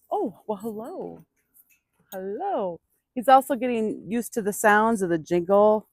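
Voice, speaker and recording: A woman's voice: mid-range voice, dry recording, clean studio sound. Patient woman coaxing a burro. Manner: patient, coaxing the animal in a soft voice between explanations to viewers. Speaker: burro trainer. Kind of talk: hands-on training demonstration.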